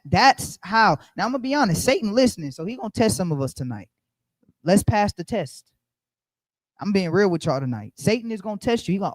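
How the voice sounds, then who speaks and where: A man's voice: sits high, very animated, a little fast, no echo. A man leading a Bible study, preaching conversationally and emphatically, repeating his key phrases as he speaks straight to the group.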